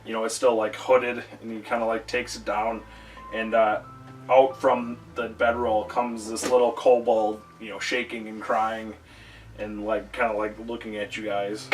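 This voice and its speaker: A man narrating a tabletop game as game master, halting and full of fillers. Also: lowish voice, little pitch movement. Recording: distant mic, faint music.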